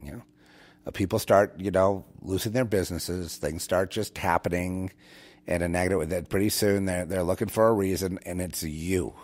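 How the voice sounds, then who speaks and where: A low-voiced man with a somewhat dark tone hosts his own show, speaking at a normal pace with fairly even intonation. He addresses his listeners directly in a rambling, preachy monologue, restarting sentences and repeating words as he goes.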